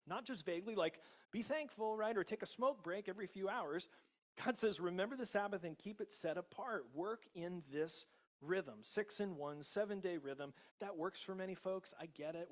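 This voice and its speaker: A male pastor with an American accent preaching a casual, conversational sermon, often chuckling and checking in with the congregation. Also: on the high side. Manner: conversational, laughs often, many tag questions.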